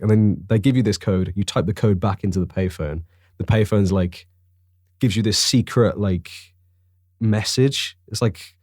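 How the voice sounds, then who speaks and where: Excitable young man, sweary storyteller. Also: low voice, normal speed, no room sound, clean studio sound. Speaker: podcast co-host. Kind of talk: casual chat.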